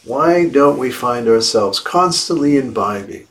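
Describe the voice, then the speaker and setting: A man delivers a Buddhist dharma talk at an unhurried, measured pace. His voice sits in an ordinary middle pitch, and he lightens his reflective teaching with playful asides. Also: animated.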